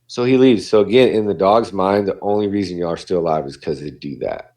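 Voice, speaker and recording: A man's voice: low-pitched, a little fast, mellow. A man, a dog behaviorist, talking casually on a podcast and acting out what dogs and people say.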